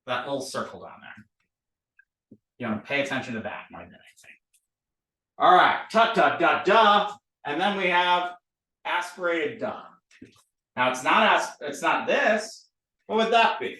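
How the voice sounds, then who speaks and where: A man's voice: fairly high pitch, measured pace, far from the mic. A man teaching a recorded lesson on drawing letters, playful and drilling sounds over and over. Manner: playful, repetitive drilling, animated. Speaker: language teacher. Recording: roomy, a bit off-mic.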